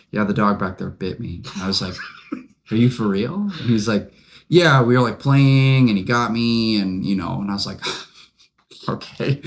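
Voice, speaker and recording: Young man rambling through a story. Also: lowish voice. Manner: rambling, animated anecdote-telling with many fillers. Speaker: podcast co-host. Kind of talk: casual storytelling chat.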